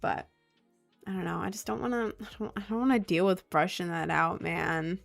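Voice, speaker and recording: A woman's voice: lowish voice, normal speed, gravelly, faint music behind. A young adult woman streaming live from her desk, chatting casually in a rambling, filler-heavy way, sleepy and yawning often. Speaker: livestreamer. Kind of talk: casual livestream chat. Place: home streaming setup at a desk.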